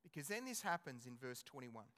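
A male pastor preaching a sermon in an animated, conversational way, asking his congregation rhetorical questions. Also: medium pitch, brisk.

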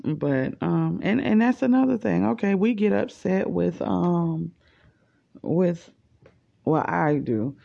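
Unhurried talker in their forties, gravelly, dark-toned, casual rambling podcast voice message. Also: mid-range voice, animated. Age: 40s. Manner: slow, unhurried, thinking aloud. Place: at work. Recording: dull lo-fi voice message.

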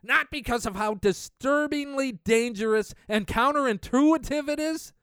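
A man hosting his own podcast, delivering an angry political rant that swings between shouted outbursts and low, muttered asides. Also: normal speed, smooth, no room sound, studio quality. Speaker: podcast host.

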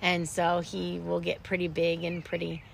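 A chatty woman co-hosts a relaxed podcast, spinning rambling stories and laughing often. Her voice carries a noticeable gravelly fry. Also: lowish voice, moderate pace, a little hiss or hum. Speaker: podcast co-host. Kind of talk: casual chat.

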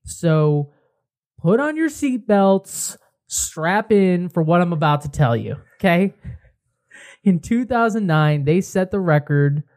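A man co-hosting a podcast in casual chat, rambling and excitable, with frequent restarts. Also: fairly high pitch, measured pace. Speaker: podcast co-host.

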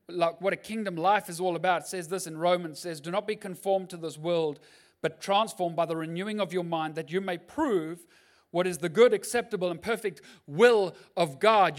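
High-voiced man preaching a sermon. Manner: swings from loud urging to quiet storytelling. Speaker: pastor.

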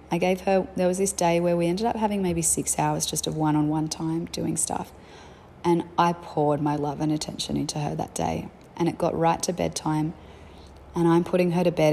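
With a low-pitched, gravelly yet mellow voice, a young woman who is a mother tells easygoing, honest stories about her family. A little hiss or hum sits under the recording.

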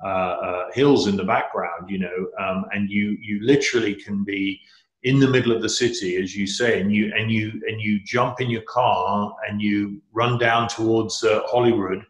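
A middle-aged man with a fairly low voice talks as a guest, eager and rambling, often restarting his sentences. His voice rings in an echoey room. The talk is loose and conversational. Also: steady tone, normal speed. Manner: enthusiastic, rambling, many restarts. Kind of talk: casual conversation.

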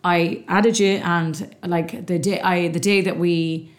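A woman's voice: on the low side, steady tone, slow. A young Irish woman co-hosting a casual podcast chat, acting out dialogue as she tells a story and swearing freely. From Ireland. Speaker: podcast co-host.

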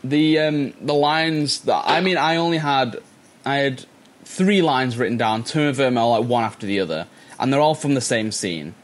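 A man's voice: medium pitch, normal speed. Wry rambling man on a podcast. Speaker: podcast co-host. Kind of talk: casual podcast chat.

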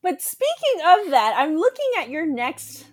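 A woman's voice: extremely high pitch, very animated, a little slow. A woman co-hosting a podcast, chatting casually and teasing her co-host with dry remarks. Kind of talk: casual chat.

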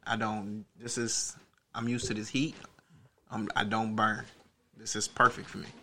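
A man's voice: lowish voice, little pitch movement, unhurried, sharp tone, slight background noise. A young man in a casual group chat, laid-back and telling stories.

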